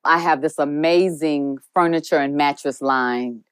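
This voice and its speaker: A woman's voice: low voice, a little slow, clean tone, no room sound, clean studio sound. A woman guest in casual podcast chat, speaking earnestly and with faith. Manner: warm, earnest, talks about faith. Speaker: guest, entrepreneur.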